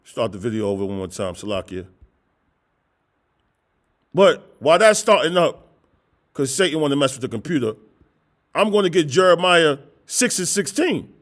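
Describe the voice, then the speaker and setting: High-voiced man preaching a scolding sermon. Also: big pitch swings, moderate pace, pauses often, a bit bright. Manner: scolding, repetitive rhetorical questions, profane. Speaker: street preacher. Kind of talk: confrontational street sermon.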